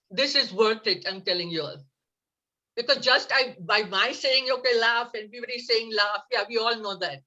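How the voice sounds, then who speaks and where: A woman's voice: on the high side, sharp tone, lo-fi sound. A woman leading a laughter yoga class over a video call, upbeat and coaxing, laughing often as she talks.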